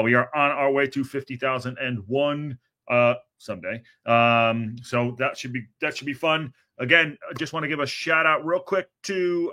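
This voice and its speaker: A man's voice: mid-range voice, pushed and bright. A man hosting a casual football news livestream, tired and hesitant, with many fillers as he reads out chat messages. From Southern California. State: tired, low energy.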